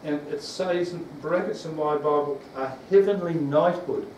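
A man's voice: fairly high pitch, normal speed, a little mellow, a little hiss or hum. A man preaching a sermon, rambling with restarts and asking the congregation questions. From New Zealand. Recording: echoey room, from far off.

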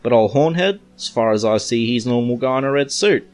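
A man's voice: mid-range voice, animated, brisk, a little mellow, lightly acted. An Australian-accented man reading out a brash male caller's lines in his own voice, full of chatty rhetorical asides. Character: brash male call-in listener, know-it-all.

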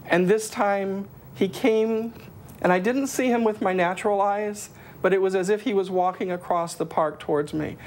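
A middle-aged woman giving an earnest personal testimony of faith, her voice climbing high whenever she quotes her own prayers. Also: moderate pace, darkish tone.

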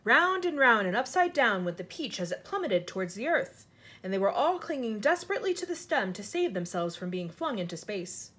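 A woman reading a children's book aloud, with expressive, dramatic storytelling. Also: on the high side, fairly quick, breathy edge. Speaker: storybook reader.

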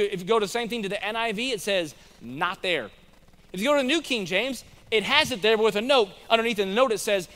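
An American man preaching a conversational sermon as pastor, acting out quotes with lively voices. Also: high-pitched, in a large hall. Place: church sanctuary.

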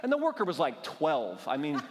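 A man's voice: on the high side, wildly swooping pitch, normal speed, slight background noise. A male pastor preaching a sermon, telling a humorous personal story and building to fervent exhortation. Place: church sanctuary. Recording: long church hall reverb.

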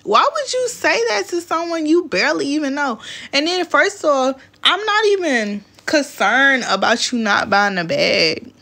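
A woman's voice: sits high, normal speed, vocal fry, few pauses. Blunt, laughing young woman vlogger. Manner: blunt, profane, animated storytelling with frequent laughs. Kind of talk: casual storytime chat to camera.

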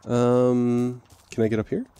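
A man's voice: mid-range voice, monotone, unhurried, dark tone, clear, resonant tone. A male gaming channel host talking casually while playing a game. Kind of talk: casual gameplay chat.

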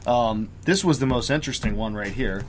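A man's voice: mid-range voice, fairly quick, a little hiss or hum. A man co-hosting a food review, talking casually and guessing aloud at what things are. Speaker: video co-host. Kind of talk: casual chat. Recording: faint room ambience.

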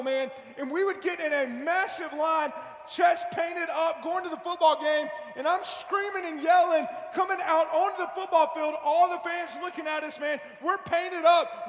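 A man giving a fervent, loud youth sermon, slangy and direct with his listeners. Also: extremely high pitch. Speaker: youth speaker. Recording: echoey hall with long reverb.

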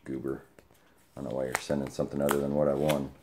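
A man opening sports card mail on camera, chatting excitedly to the friend who sent it. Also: extremely low pitch, quick pace, noisy background. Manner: excited, talks to the sender directly. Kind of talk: casual unboxing vlog.

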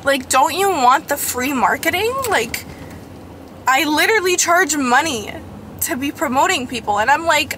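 A young woman vlogging while driving, excitable and chatty, a little sniffly and congested, peppering her talk with "like" and "oh my god". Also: high voice, moderate pace, a little hiss or hum. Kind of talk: casual vlog chat. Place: in a car, driving.

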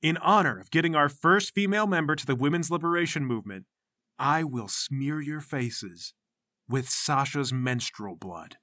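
A man's voice: on the high side, lively intonation, fast talker, hardly any pauses, pushed and bright, no room sound, clean studio sound. A man voicing a pushy, self-righteous teenage boy who leads a gang and keeps preaching and bossing others around in a tabletop game. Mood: insistent. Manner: insistent, preachy, controlling.

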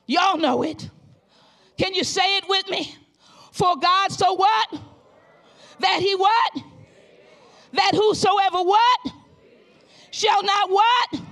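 A woman pastor preaching a sermon, shouting phrases in call and response and at times dropping to a low, quick, intimate voice.

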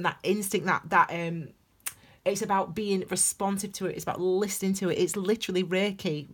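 A woman giving a casual, chatty tarot reading, breaking into animated excited bursts. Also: lowish voice. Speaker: tarot reader.

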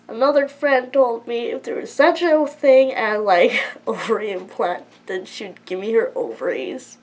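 Slow, tearful young woman confiding. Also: on the high side, poor audio. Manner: hesitant, halting, apologetic. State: emotional, close to tears. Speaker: vlogger. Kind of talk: personal confessional vlog. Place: at home.

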